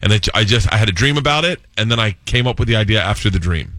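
A man telling a rambling, excited comic story as a guest, laughing often and restarting his sentences. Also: on the low side, quick pace, no echo. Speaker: guest comedian. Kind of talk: comic storytelling, pitching a sitcom idea.

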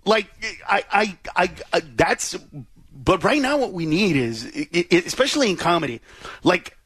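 A man who is a comedian guest in a casual interview, telling stories fast and animatedly with quick restarts. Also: sits high, very animated, fairly bright tone, slightly rough.

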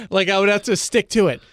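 A man's voice: high-pitched, fairly bright tone. A man co-hosting a podcast, chatting casually in a hesitant, self-deprecating way with frequent restarts. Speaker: podcast co-host. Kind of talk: casual chat.

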